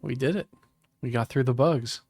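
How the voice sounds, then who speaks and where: A man with a gravelly voice co-hosting a podcast, joking and stumbling over his words in casual movie chat. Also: medium pitch, normal speed, a little mellow, no room sound. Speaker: podcast co-host.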